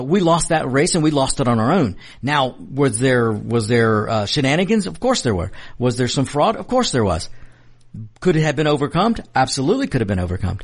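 A man hosting a political talk show, delivering an emphatic, repetitive commentary monologue and addressing his listeners as folks. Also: mid-range voice.

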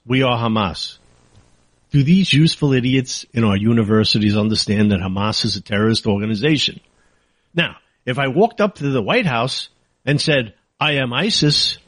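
A man's voice: mid-range voice, no echo. Angry guy ranting on his talk show, swoops up and down a lot, dry close sound. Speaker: talk radio host. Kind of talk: political commentary monologue.

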